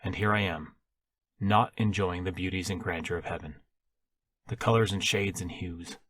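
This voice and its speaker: A man's voice: sits low, steady tone, moderate pace, a bit bright. A man voicing a bitter, sarcastic blind young man who has just died, in an audiobook.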